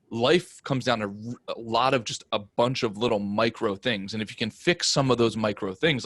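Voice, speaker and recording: A man hosting a podcast in casual chat, asking thoughtful, measured questions. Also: mid-range voice, a bit bright, no echo. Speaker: podcast host.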